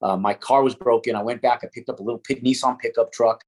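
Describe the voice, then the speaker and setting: A man's voice: medium pitch, quick pace, breathy edge. A middle-aged man, an interview guest, telling a story in casual chat. He swears freely and acts out other people's lines as he talks. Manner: swears casually, animated with quoted dialogue.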